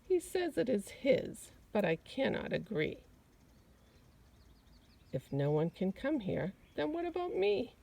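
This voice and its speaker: A woman voicing a small, cheeky rabbit in a read-aloud picture book, squeaky and indignant. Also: big pitch swings, slow, creaky, long pauses, mellow, exaggerated voice.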